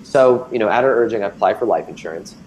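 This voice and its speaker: A man's voice: on the low side, quick pace, a little mellow, a little hiss or hum, rough recording. Man in his thirties telling his story. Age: 30s. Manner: candid, filler-heavy storytelling with many ums and restarts. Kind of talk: personal storytelling in conversation.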